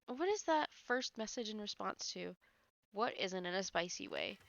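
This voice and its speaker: A woman's voice: mid-range voice, animated, moderate pace, gravelly, no echo, lo-fi sound. Teasing, foul-mouthed woman streamer. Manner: teasing, profane, rambling. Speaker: livestreamer reading chat. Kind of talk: casual chat.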